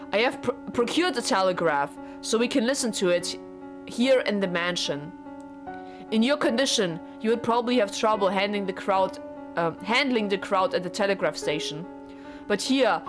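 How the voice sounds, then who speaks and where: A woman's voice: medium pitch, close to an everyday voice. A woman reading as a lovesick formal husband. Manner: formal, pleading dialogue read aloud. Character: lovesick wealthy young husband, earnest and formal. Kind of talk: reading visual novel dialogue aloud.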